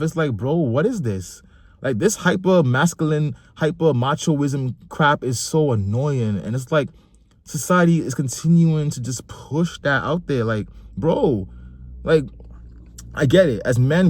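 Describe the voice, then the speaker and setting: A man's voice: on the high side, no room sound. A young adult man, delivering a passionate opinion monologue about fatherhood and repeating phrases for emphasis. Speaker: vlogger and father.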